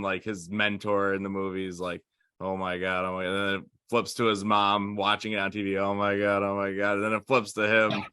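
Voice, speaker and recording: A man co-hosting a casual podcast, retelling scenes with lively, laughing energy. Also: lowish voice, clean tone, no room sound, clean studio sound. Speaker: podcast co-host. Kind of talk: casual chat.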